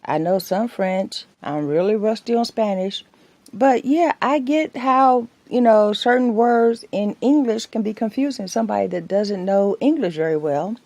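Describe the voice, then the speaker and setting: A woman's voice: mid-range voice, animated, normal speed, a little mellow, no echo. A woman vlogger chatting casually to camera, rambling through everyday anecdotes and laughing between them. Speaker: soap maker and vlogger.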